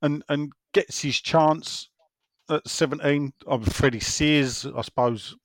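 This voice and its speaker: A man with a slightly high voice speaks slowly while hosting a casual football fan chat, with slight background noise. As the podcast host reads out listener messages, he rambles and repeats himself.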